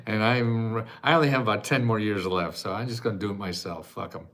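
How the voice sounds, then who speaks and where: An American man in his eighties hosting a casual livestream chat, self-mocking and quick to laugh, sometimes choking up with emotion. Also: lowish voice, fairly bright tone, slight background noise. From United States. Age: 80s. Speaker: host answering viewer questions.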